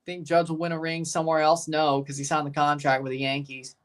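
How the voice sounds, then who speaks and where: A woman hosting a live hockey watchalong, giving relaxed play-by-play, answering chat questions and erupting into shouts on goals. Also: deep voice, fairly quick. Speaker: livestream host.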